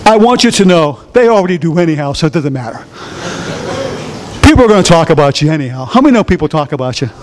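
A man preaching a sermon who quizzes his congregation with fill-in-the-blank questions and breaks into shouts. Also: fairly high pitch, fast talker, background noise. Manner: animated, bursts into shouts.

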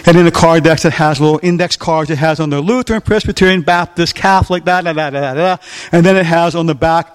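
High-voiced emphatic male pastor preaching. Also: fast, clear, resonant tone. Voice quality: emphatic, asks the congregation questions and repeats key lines. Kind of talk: sermon.

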